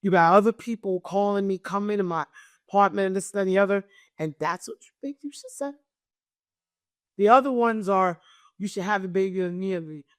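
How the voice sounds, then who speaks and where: Middle-aged woman guest, loud voice, animated, acts out the people in her story, dry close sound. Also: medium pitch, moderate pace, dry recording. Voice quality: naturally loud voice. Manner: animated, acts out what others said. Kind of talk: emotional personal storytelling in an interview.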